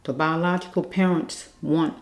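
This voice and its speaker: A woman's voice: low-pitched, steady tone, moderate pace, echoey room. A woman doing a spiritual card reading, talking earnestly and pleading, repeating herself and checking in with listeners. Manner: repetitive, keeps checking in with listeners. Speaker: card reader.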